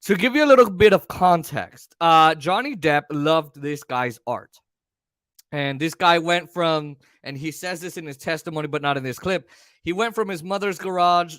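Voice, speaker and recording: Bright-voiced rambling male commentator. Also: a little high, no room sound, clean studio sound. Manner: rambling, many fillers and restarts. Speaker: commentary host. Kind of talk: casual commentary.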